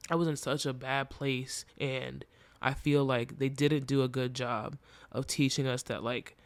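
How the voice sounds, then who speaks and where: A man's voice: mid-range voice, flat delivery, measured pace, no room sound. A young man hosting a podcast, speaking candidly and earnestly in a reflective, emotionally open personal monologue. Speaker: podcast host.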